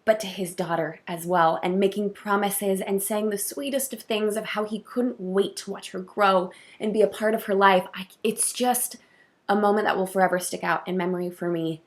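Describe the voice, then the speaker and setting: A woman who works as a wedding coordinator, talking to camera in a casual vlog, effusive and heartfelt with soft laughs. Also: mid-range voice, steady tone, normal speed.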